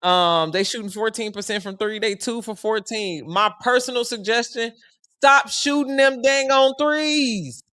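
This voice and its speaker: A man's voice: sits high, measured pace, clean tone, no room sound. A young man giving casual, joking live commentary on a basketball game. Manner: animated, joking, slangy and conversational. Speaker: sports commentary streamer.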